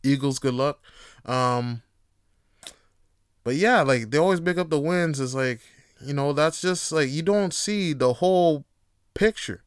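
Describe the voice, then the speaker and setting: Male host, casual profane monologue, slightly high voice, dry close sound. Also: unhurried, long pauses, clear, resonant tone, no room sound. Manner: loose, profane, laughing asides.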